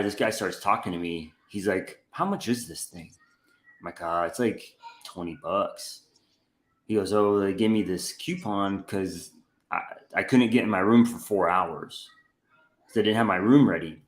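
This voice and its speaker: A low-voiced young man co-hosts a relaxed chat, recounting a story with energy. He acts out every quote, leaping high in pitch when he plays the other people. His voice rings in a roomy, echoey space. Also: measured pace. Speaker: podcast co-host.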